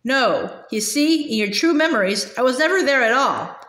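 A woman reading as a quiet, apologetic teenage girl. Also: sits high, lively intonation, normal speed, echoey room. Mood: sad. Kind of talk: storybook reading aloud.

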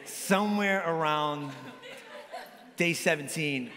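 A male pastor preaching a sermon in a lively, joking way, with big swings in pitch. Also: slow, a crowd in the background. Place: church hall. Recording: long church hall reverb.

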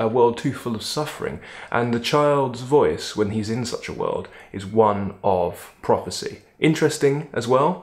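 A man teaching a poem in a lively, emphatic way, thinking aloud with frequent restarts. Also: mid-range voice. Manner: animated, emphatic, musing with restarts. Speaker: literature teacher. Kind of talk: lecture-style video analysis.

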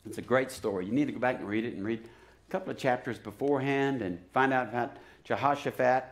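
A pastor preaching a sermon in a church, chatty and joking at times, then rising to loud, fervent exhortation. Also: male voice, medium pitch, quick pace. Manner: conversational preaching that swells to loud, shouted exhortation; joking asides and frequent restarts. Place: church sanctuary.

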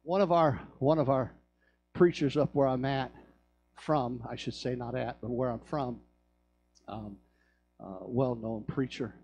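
A man's voice: medium pitch, unhurried, long pauses, darkish tone, soft background music. A man preaching a sermon in a church, telling stories and building to fervent calls. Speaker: pastor. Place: church sanctuary.

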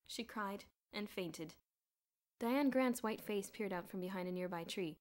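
A woman reading a children's novel aloud in a clear, even storytelling manner. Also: mid-range voice, unhurried. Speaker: audiobook reader.

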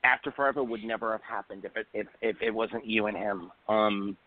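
A man's voice: fairly low pitch, steady tone, brisk, a little hiss or hum. A man hosting a radio interview, asking long, earnest, rambling questions. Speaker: radio show host. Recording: phone-like call line.

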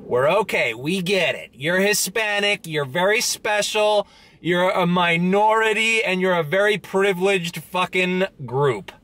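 A man's voice: high-pitched, a little slow, a bit bright. A young man delivering food, ranting bluntly and sarcastically with swearing, speaking English with a slight Latino accent from inside his car. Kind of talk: casual rant vlog.

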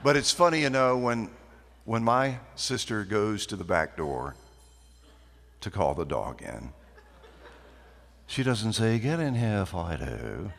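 A man's voice: on the low side, slow pace, gravelly, long pauses, a little hiss or hum. A man giving a folksy, anecdotal after-dinner speech as a guest speaker at a banquet. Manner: folksy storyteller, lively and animated. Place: banquet hall. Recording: echoey banquet hall.

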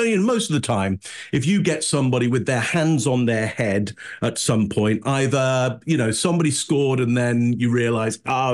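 A man on a behavior analysis panel, breaking down an interrogation clip in a measured, analytical way. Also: mid-range voice. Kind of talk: panel discussion commentary.

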